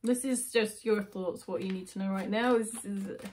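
A woman's voice: medium pitch, fairly even intonation, normal speed, darkish tone, a little hiss or hum. Woman tarot reader, emotional and intuitive, thinks aloud, restarts her sentences. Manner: emotional, intuitive, self-interrupting. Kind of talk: tarot reading video.

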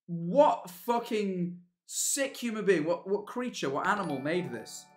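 Excitable British man, high lively voice. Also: unhurried. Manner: excitable, swears, bursts into yelling outbursts. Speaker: streamer reacting to videos. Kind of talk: live-stream reaction commentary.

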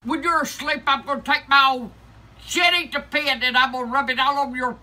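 A woman's voice: sits high, fairly even intonation, brisk, far from the mic, noisy background. An older woman, a grandmother at home, scolding and swearing nonstop in a cursing rant. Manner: foul-mouthed, scolding, swearing constantly. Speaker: grandmother being pranked. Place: at home indoors.

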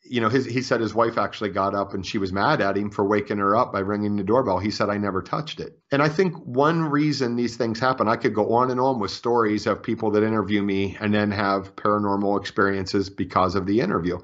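A fairly low-pitched man speaks as a guest author, earnest and convinced, often stumbling and restarting mid-sentence. The audio sounds dull and lo-fi. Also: fairly even intonation, fairly quick, few pauses, a bit bright. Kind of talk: earnest storytelling interview.

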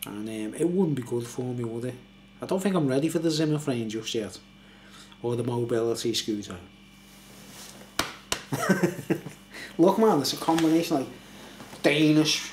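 A man's voice: mid-range voice, a little mellow, slight background noise. An older man, a little tipsy, rambling and laughing as he reviews a beer late at night at home. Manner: rambling, chatty, laughs often.

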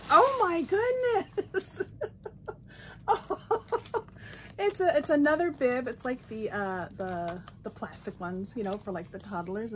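A woman's voice: medium pitch, darkish tone, a little hiss or hum. A woman vlogger chatting casually through a box opening, gushing and sentimental. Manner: gushing, sentimental, easily moved. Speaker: doll collector vlogger.

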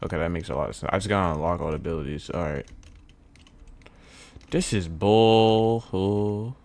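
A young man commenting casually on a video game at home, muttering low, then yelling when excited, repeating himself with lots of bro and man. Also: racing, gravelly. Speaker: gaming YouTuber. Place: at home indoors.

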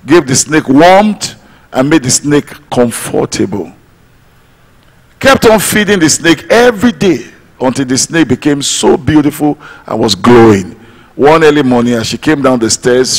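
A man preaching a sermon as pastor, emphatic, swinging from loud declamation to low quiet lines. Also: in a large hall, rough recording. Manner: emphatic, rising to declamation then dropping low.

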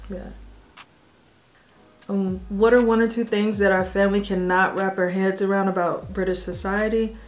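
A woman's voice: mid-range voice, level tone, moderate pace, faint music behind. An American woman co-hosting a family Q&A, reading out viewer questions and answering them in an easygoing way. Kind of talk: casual Q&A chat.

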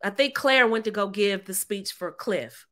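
Emphatic bright-voiced woman coach. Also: medium pitch, normal speed. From United States. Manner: emphatic, repeats phrases, laughs often; plays out short quoted voices. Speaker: relationship coach. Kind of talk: animated motivational talk.

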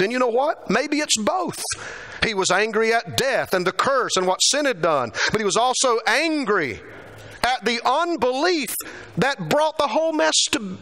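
A man preaching a sermon in a church, acting out quoted lines. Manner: animated, acts out quotes with rising pitch.

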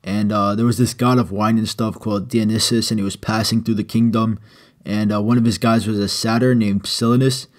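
A man's voice: on the low side, little pitch movement, a little fast. A man casually retelling an old myth as a comedy, full of slang, swearing and "uh" fillers. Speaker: storyteller.

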